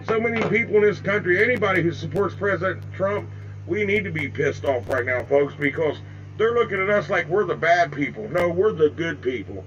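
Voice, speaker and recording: An older man vents his anger straight into the camera in a fervent, repetitive rant, addressing his audience as folks. His voice sits a bit high for a man. The recording is dull and lo-fi, with a faint hum underneath. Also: lively intonation, brisk, a bit bright. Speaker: political video blogger. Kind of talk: impassioned direct-to-camera rant. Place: home with flags in the background.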